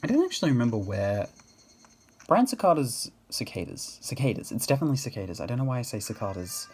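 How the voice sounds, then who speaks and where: A man's voice: medium pitch, lively intonation, racing, warm tone, husky, soft background music. An Australian man chatting casually over gameplay, rambling and self-correcting with laughs. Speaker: gaming video host.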